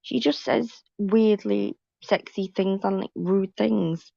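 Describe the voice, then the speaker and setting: A woman's voice: medium pitch, takes it slowly, gravelly, dark tone, no room sound. A woman chatting on a live stream panel, blunt and emphatic, repeating points for weight. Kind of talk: casual chat, storytelling. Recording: dull lo-fi stream audio.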